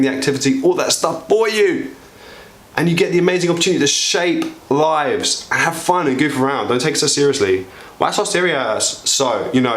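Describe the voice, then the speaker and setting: A man preaching an energetic, joking sermon to his church, his pitch swinging widely as he appeals for volunteers. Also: roomy sound. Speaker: pastor.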